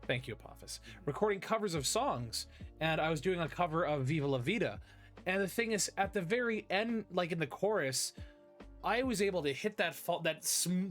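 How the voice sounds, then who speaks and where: Animated male podcast host with slight lisp. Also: a little high. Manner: animated storyteller, hums song snippets. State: tired, strained voice. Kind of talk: casual interview chat.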